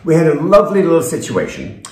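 A man's voice: a little high, wildly swooping pitch, quick pace, noisy background. A man co-hosting a casual home vlog, talking bluntly about life at his chateau. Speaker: co-host, chateau owner. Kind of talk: casual chat. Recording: roomy echo.

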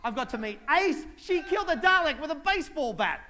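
Animated high-voiced comic man. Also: fairly quick, background noise. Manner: animated, acts out voices and shouts for effect. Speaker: stand-up comedian. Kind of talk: stand-up comedy routine. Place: convention stage.

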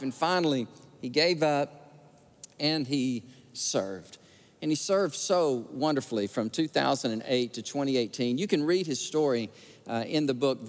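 Pastor preaching, acts out the quotes as he tells stories, voice a bit high, echoing through a big sanctuary. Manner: animated storytelling, acting out quotes. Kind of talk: sermon. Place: large church sanctuary. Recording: church sanctuary with long reverb.

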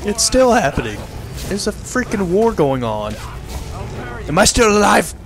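Male let's-player, a bit high-voiced, silly and loud at enemies, soft music bed under him. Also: sing-song, unhurried. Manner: goofy, jokey, often laughing and yelling at enemies. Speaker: gaming video creator. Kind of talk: joking let's-play commentary, partly in character.

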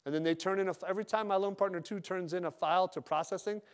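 A man's voice: high-pitched, steady tone, fast, smooth. Blunt, joking sales manager, man. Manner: direct, joking, casual with slang. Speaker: sales manager speaking at a company retreat. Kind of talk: motivational sales talk.

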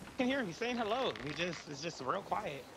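A man's voice: high voice, animated, brisk, background noise. A man laughing and swearing in casual banter with teammates during an online game. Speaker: player. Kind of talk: casual gaming chat. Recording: loud game sounds behind the voice.

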